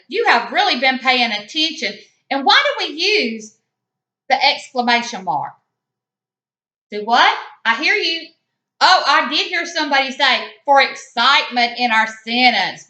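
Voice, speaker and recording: A woman teaching young children in a slow, sing-song voice, pausing for answers and praising them warmly. Her voice sits a little high and sounds bright and crisp. It is recorded in an echoey room with a slightly dull, muffled sound.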